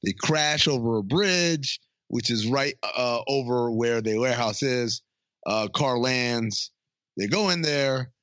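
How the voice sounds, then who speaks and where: A man's voice: mid-range voice, slow, no room sound. A man chats casually as he recaps a comedy film, bouncing into exaggerated voices for each character and breaking into laughs. The recording is dry and a little dull, with no room sound. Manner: animated, acts out lines in funny voices, laughs often. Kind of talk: casual chat recapping a movie.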